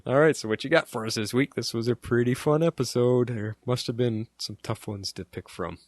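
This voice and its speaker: A man's voice: mid-range voice, a little fast, no room sound, studio quality. A man co-hosting a podcast in a laid-back, casual chat, chuckling often. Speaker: podcast co-host.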